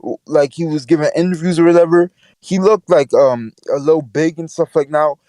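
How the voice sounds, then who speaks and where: A man's voice: a little high, brisk, dark tone, dry recording, rough recording. A man in casual podcast chat, slangy and insistent, repeating himself to get a point in.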